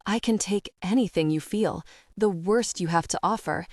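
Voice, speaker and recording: A woman voicing a tender, protective grown man who speaks in soft, soothing reassurances. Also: medium pitch, normal speed, no room sound, studio quality, close to an everyday voice.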